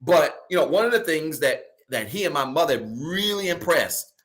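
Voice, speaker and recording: Animated preacher man. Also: on the high side, moderate pace. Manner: emphatic, repeats key lines for the congregation. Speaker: pastor. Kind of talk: sermon.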